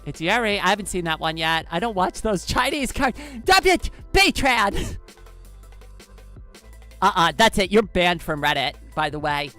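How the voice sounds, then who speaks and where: A woman chatting casually on a live stream, excitable and giggly, saying "like" a lot. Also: fairly low pitch, moderate pace, long pauses, faint music behind.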